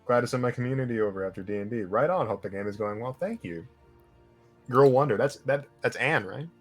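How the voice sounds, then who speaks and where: A man's voice: medium pitch, brisk, faint music behind. A man running a live-streamed tabletop game as game master, casual and joking and swearing freely.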